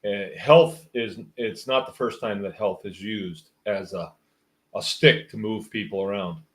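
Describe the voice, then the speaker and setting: Low-voiced man hosting a casual livestream. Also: unhurried, fairly bright tone. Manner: rambling, musing, wry. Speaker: host. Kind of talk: casual livestream chat reading comments.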